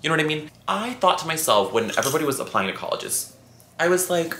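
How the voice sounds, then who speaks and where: A man of about twenty, the channel's host, answering viewer questions in a chatty, campy, expressive way. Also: on the high side, fast, noisy background. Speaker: YouTuber. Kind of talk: casual Q&A vlog. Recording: echoey room.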